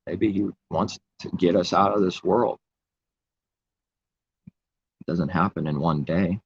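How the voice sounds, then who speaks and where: Man, very deep voice, gravelly, rambling live-stream sermon, muffled lo-fi sound. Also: slow pace. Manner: rambling, conversational preaching. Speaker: preacher.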